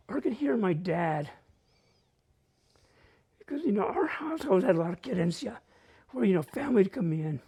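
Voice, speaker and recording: A man from northern New Mexico with a local accent, telling family stories at a live community open mic, animated and acting out relatives' voices with Spanish phrases mixed in. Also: sits high, normal speed, creaky, pauses often, slightly rough. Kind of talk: live personal storytelling. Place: library event space, live.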